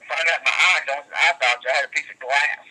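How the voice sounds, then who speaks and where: A man's voice: fairly high pitch, brisk, breathy edge, low-quality recording. A man, a wrestler guest telling rambling, profane stories in a casual interview. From West Virginia. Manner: profane, rambling, animated storyteller.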